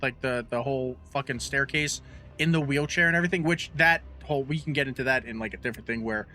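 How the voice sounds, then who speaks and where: A man's voice: mid-range voice, fast talker, pushed and bright. A man co-hosting a podcast in casual chat, rambling and profane, ranting with disbelief. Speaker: podcast co-host.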